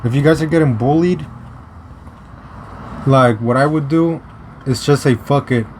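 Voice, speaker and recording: A young man from the United States telling a personal story in a casual vlog, halting and restarting often, blunt and profane. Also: mid-range voice, a little mellow, slight background noise. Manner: rambling, halting with many restarts and fillers.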